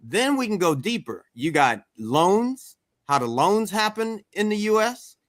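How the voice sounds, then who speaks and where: A man's voice: high voice, big pitch swings, measured pace, no echo, studio quality. A middle-aged man from Washington, D.C., coaching a men's circle, speaking bluntly and emphatically with some swearing. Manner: blunt, emphatic, swears, repeats "let's get real". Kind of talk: candid group talk.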